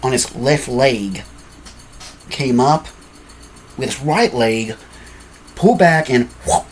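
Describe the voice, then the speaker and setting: Slow, rambling man telling a fan story. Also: medium pitch, a little hiss or hum. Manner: rambling, self-correcting, apologetic asides. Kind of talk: casual fan-fiction storytelling.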